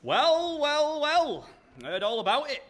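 An actor playing a dim young thug turned police constable who gloats slowly in a radio drama. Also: male voice, sing-song, fairly bright tone. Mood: gloating. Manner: slow, gloating, lurching up in pitch.

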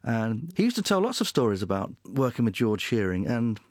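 A man's voice: medium pitch, big pitch swings, a little fast, no room sound, studio quality. A man, a musician guest, telling stories in a chatty, reminiscing way. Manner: chatty, reminiscing, laughs often. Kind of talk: anecdotal chat.

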